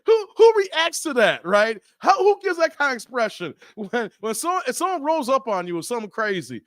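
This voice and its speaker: A man's voice: very high voice, very animated, brisk, few pauses, fairly bright tone, dry recording, studio quality. A man hosting a casual live stream, joking loosely with his chat and laughing often. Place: Las Vegas.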